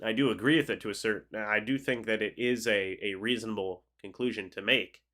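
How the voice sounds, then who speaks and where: A man's voice: fairly low pitch, steady tone, brisk, bright, forceful tone. Congested young man hosting a casual livestream. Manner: laid-back, chatty, reads out chat messages. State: congested after flu. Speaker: sports livestream host. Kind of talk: casual live chat reacting to viewer comments.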